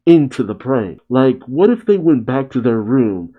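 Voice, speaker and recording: A man reading the lines of a playful, excitable young female ninja who loves pranks, in an anime reaction video. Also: mid-range voice, a little slow, narrow, tinny audio. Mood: scheming. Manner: excitable, bouncy.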